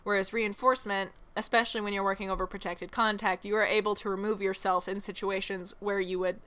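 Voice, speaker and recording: Bright, crisp-voiced woman podcast host. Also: mid-range voice, level tone, fast. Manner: chatty, laughs often, self-mocking asides. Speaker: podcast host and horse trainer. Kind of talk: casual solo podcast teaching.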